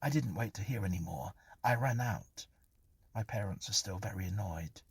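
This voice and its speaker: A man's voice: fairly low pitch, moderate pace, gravelly, slightly rough, no echo, full character voice. A man voicing a nervous, infatuated young man in a spoken ghost story, earnest and defensive. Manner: earnest, defensive, eager to please.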